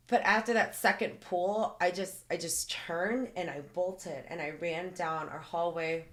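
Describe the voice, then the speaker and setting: A woman's voice: lowish voice, fairly even intonation, unhurried, few pauses, a bit bright. A woman, a podcast guest, earnestly retelling a personal experience in detail, often saying "like" as she talks. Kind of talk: personal storytelling in a podcast interview.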